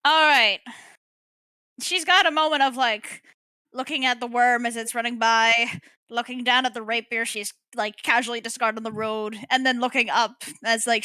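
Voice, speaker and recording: A woman's voice: on the high side, bright, forceful tone, smooth, no room sound. A woman playing a tabletop game, casually narrating what her character does. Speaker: player. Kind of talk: casual tabletop role-play.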